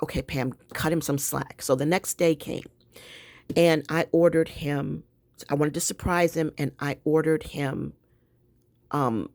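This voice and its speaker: Low gravelly woman venting. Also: darkish tone, no room sound. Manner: chatty, exasperated, addresses viewers as y'all. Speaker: vlogger. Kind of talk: casual storytelling vent.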